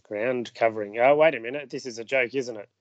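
A man's voice: mid-range voice, brisk, no room sound. A man co-hosting a podcast who banters playfully and asks curious questions, cracking jokes along the way. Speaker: podcast co-host asking questions. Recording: dry, dull lo-fi sound.

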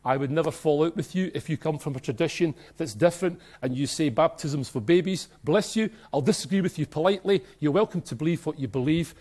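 A man with a Glasgow Scottish accent preaching a sermon in a church, emphatic and excitable, swinging between soft and loud. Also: on the high side, fast talker, hardly any pauses. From Scotland. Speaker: pastor.

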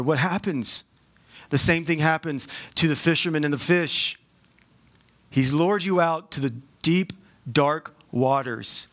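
Animated joking preacher, fairly high voice. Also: male voice. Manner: conversational, joking asides, many restarts. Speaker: pastor. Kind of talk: sermon.

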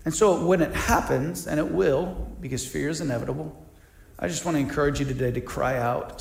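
A man preaching a sermon as pastor, shifting between hushed appeals and lively, acted-out voices. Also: a little fast, vocal fry, echoey room. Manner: dynamic preaching, acts out voices with big pitch swings.

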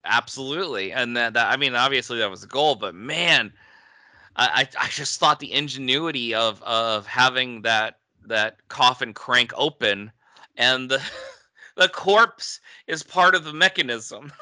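A man's voice: medium pitch, unhurried, bright, forceful tone, no room sound. A man co-hosting a casual podcast chat, retelling a movie plot with frequent laughs. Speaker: podcast co-host.

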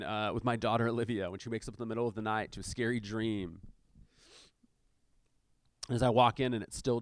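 Smooth-voiced man preaching casually. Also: fairly low pitch, no room sound, studio quality. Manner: explains verses with casual asides and fillers; shifts between reading aloud and lively commentary. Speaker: pastor. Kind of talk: conversational sermon with scripture reading.

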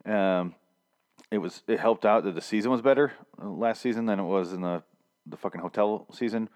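A man's voice: fairly low pitch, darkish tone. A man casually recapping a TV episode, rambling and swearing freely as he acts out the characters' lines. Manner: profane, rambling, quick to act out characters' lines.

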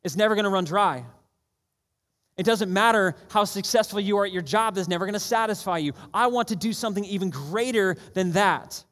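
A man preaching a sermon in a church auditorium, energetic and conversational, often asking the room if they are ready. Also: high-pitched, fairly quick, hardly any pauses. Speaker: pastor. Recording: long church hall reverb.

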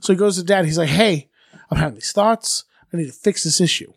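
A man with a high voice tells a story loosely and crudely, with plenty of fillers and playful quoted voices. The sound is close and dry, with no room echo. It is a casual podcast chat. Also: a little fast, gravelly. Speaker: podcast co-host telling a true-crime story.

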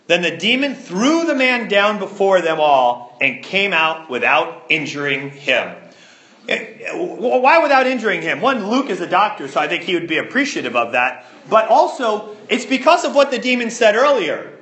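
A man preaching with a high, lively voice that swings up and down in pitch. His tone is bright and ringing, and he stresses points by repeating words. The sound carries a roomy echo. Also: normal speed. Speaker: pastor. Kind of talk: sermon.

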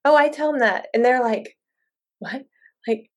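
A mother in her thirties, appearing as a podcast guest, tells lively stories in casual conversation with a high voice at a measured pace. She acts out her own quotes and laughs along.

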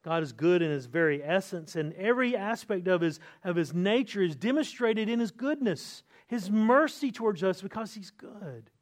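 A middle-aged man preaching a sermon as a pastor, earnest, slowing down and lifting his voice on key words. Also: high voice, animated. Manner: earnest preaching, slows and lifts voice for emphasis.

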